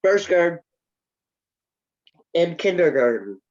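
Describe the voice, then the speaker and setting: A slow-talking teenage boy with a stuffy nose, chatting and joking on a podcast. The recording sounds dull and lo-fi, like a cheap home mic. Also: a little high, sing-song. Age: teens. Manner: joking, giggly, mock-whispered bits. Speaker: podcast co-host. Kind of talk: casual chat.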